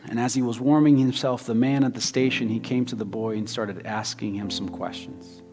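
A man's voice: medium pitch, steady tone, normal speed. A man preaching a sermon in a church, emphatic and rhythmic, building lists toward a point, then leading a prayer. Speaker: pastor. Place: church sanctuary. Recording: reverberant hall with guitar music. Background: soft guitar playing.

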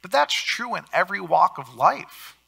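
Bright, gravelly-voiced pastor preaching. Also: male voice, high-pitched, big pitch swings, normal speed. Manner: earnest preaching with swings in loudness for emphasis. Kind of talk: sermon.

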